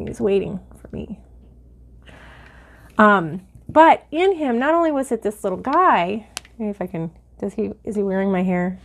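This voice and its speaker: Middle-aged woman, casual chat, excitable, lots of fillers, teary-eyed. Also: mid-range voice, normal speed, vocal fry. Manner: chatty and excitable, with many fillers. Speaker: vlogger. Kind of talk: casual haul and mail-opening chat.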